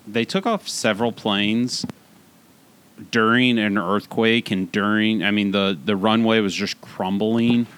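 A man's voice: on the low side, fairly even intonation, unhurried, a bit bright, smooth. A man co-hosting a podcast, rambling and incredulous in casual film chat. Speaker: podcast co-host.

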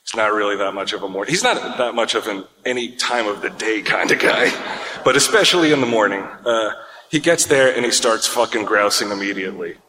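A podcast co-host with a lowish voice and sharp tone talks a little fast, his intonation lively. Recorded in an echoey room with long reverb, he tells a long, rambling, profane story in casual chat, laughing as he goes.

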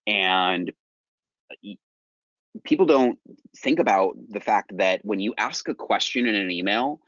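Low husky guy chatting on a podcast, keeps asking "right?", dry dull sound. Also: lively intonation, unhurried, a bit bright, no echo. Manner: explanatory, says "right?" often. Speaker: sales podcast co-host. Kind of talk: casual chat.

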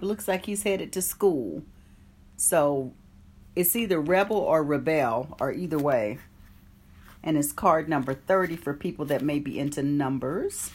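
A woman hosting an online meditation group, chatting casually, greeting viewers by name and reading from an oracle card. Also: lowish voice. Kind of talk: casual live-stream chat and card reading.

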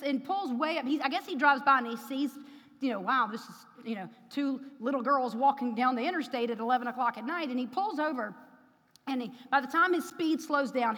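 A woman's voice: sits high, a bit bright. A middle-aged woman preaching in church, telling a personal story with emotion and speaking directly to the congregation. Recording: reverberant hall.

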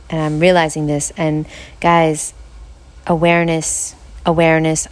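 A woman's voice: deep voice, a little mellow. A woman hosting a podcast in a casual chat from home, tired and upbeat, laughing often. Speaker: podcast host. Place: home living room on a couch. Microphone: podcast mic.

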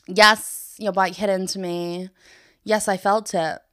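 A woman's voice: mid-range voice, little pitch movement, takes it slowly, a bit bright. A young woman hosting a podcast in casual chat, bubbly and oversharing, laughing often between her sentences. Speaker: podcast host. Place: bedroom, sitting on the floor.

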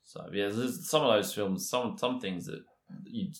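Low-voiced man chatting in an echoey room. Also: unhurried. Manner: relaxed, rambling, restarts sentences often. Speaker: quiz co-host. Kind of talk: casual chat.

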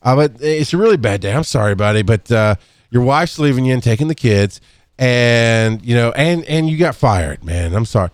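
A chummy male messenger, hired to break bad news, who keeps calling you buddy and man, as a man puts him on. His pitch swings from bright to low within a few words, and he sounds easygoing and sorry at once. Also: lively intonation, moderate pace, dry recording, studio quality, natural voice. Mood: apologetic.

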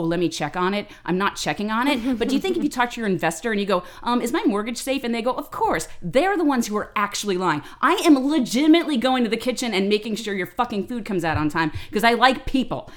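A woman co-hosting a podcast, telling stories in a lively, ranting, freely swearing way. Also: medium pitch. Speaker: podcast co-host. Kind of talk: casual chat, storytelling.

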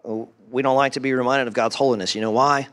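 A man preaching a sermon as pastor, animated and full of rhetorical questions, sometimes dropping to quiet asides. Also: mid-range voice, quick pace.

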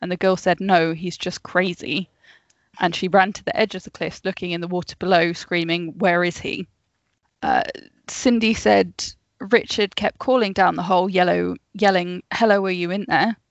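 A woman's voice: fairly low pitch, fairly even intonation, normal speed, vocal fry, no echo, highs cut off. Chatty woman telling a story. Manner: reads from notes, laughs often, chatty asides. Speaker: podcast co-host. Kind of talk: casual storytelling chat.

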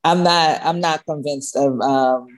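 A woman with a fairly low voice hosts an interview in a conversational tone. She reacts with short interjections and then lays out her own thoughts. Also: a little slow.

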